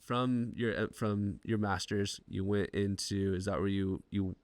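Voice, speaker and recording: Low-voiced male podcast host. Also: unhurried, no echo. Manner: animated storyteller with many "like" fillers. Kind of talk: casual conversational interview.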